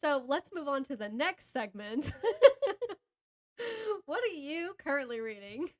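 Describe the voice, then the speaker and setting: A woman with a Southern American accent chats about books on a casual podcast. Her voice sits somewhat high. She rambles, breaks off mid-sentence and laughs a lot as she talks. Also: animated, measured pace. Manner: rambling, self-interrupting, laughs often. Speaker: podcast co-host.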